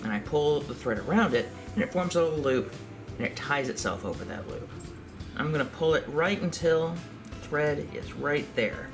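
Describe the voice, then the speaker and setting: A man giving a calm, step-by-step craft tutorial for a library. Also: on the high side, moderate pace, vocal fry, over music.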